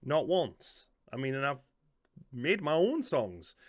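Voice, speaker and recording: A man's voice: mid-range voice, sing-song, slow pace, no echo, studio quality. A man with a Geordie accent, hosting a casual reaction video, rambling and joking at his own expense, and tired. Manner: joking, self-deprecating, rambling.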